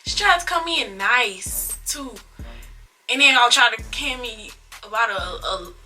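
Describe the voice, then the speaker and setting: An eighteen-year-old woman telling a personal story to her viewers in a casual, expressive, drawn-out way. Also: on the high side, soft background music. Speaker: vlogger.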